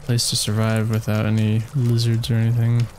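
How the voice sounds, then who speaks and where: A man's voice: lowish voice, completely flat delivery, normal speed, darkish tone, slight background noise. A man giving casual, chatty commentary while playing a video game, talking to himself and to the creatures on screen. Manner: chatty self-talk, talks to game creatures, frequent laughs. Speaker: let's play gamer.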